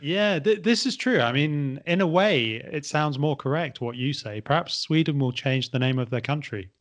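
A man who teaches English, chatting casually and spelling words out in a measured way. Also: on the high side, lively intonation. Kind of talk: casual conversation.

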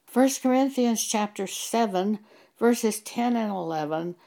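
Preaching at a slightly slow pace, this Bible teacher has a mellow yet gravelly, rough-edged woman's voice with lively intonation. She pushes rhetorical questions and emphatically quotes scripture, her pitch rising and falling widely.

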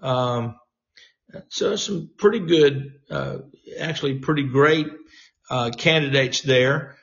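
A man's voice: mid-range voice, slow pace, fairly bright tone, lo-fi sound. A man of sixty, a talk radio host, delivering a rambling political commentary monologue full of fillers and restarts. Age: 60s.

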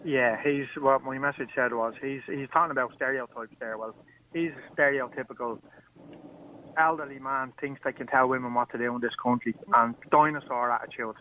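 A man's voice: mid-range voice, fairly even intonation, moderate pace, sharp tone, slight background noise. An Irish man calling in to a radio show from his car, indignant and mocking. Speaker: caller. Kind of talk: heated talk radio phone-in. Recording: tinny phone line from a car.

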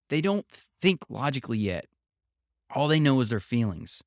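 A man talks through ideas in a calm, measured podcast style. His voice sits at an ordinary middle pitch, recorded dry and close with no room sound around it. He speaks from home, steady and reflective. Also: dry recording. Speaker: podcast host. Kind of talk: explanatory podcast talk.

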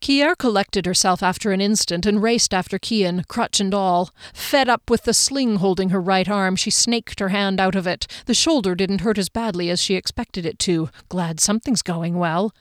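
A woman narrating a fantasy audiobook with a steady, expressive reading. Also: medium pitch, moderate pace, few pauses, no room sound, studio quality. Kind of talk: scripted narration.

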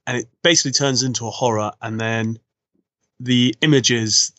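A man's voice: mid-range voice, steady tone, normal speed, sharp tone, no echo. A man co-hosting a casual film podcast, reading reviews aloud in an easygoing, hesitant way.

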